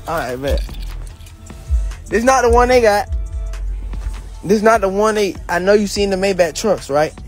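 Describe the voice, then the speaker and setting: Hyped high-voiced young man bragging. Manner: excitable, boastful, repeats himself. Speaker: rapper showing off a new car delivery. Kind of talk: casual hyped vlog chatter to camera. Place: outdoors at a house during a vehicle delivery.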